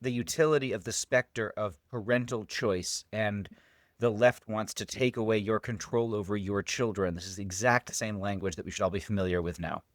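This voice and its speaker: A man's voice: lowish voice, a little fast, no room sound, studio quality. An American man co-hosting a podcast, talking emphatically and stressing key words. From Massachusetts, USA. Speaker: podcast co-host. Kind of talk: casual discussion.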